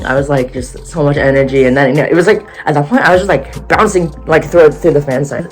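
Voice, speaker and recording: A young woman vlogger telling an excited storytime, slangy and laughing, acting out what people said. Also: sits low, brisk, loud music behind the voice. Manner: animated, slangy, laughing a lot, acts out quotes.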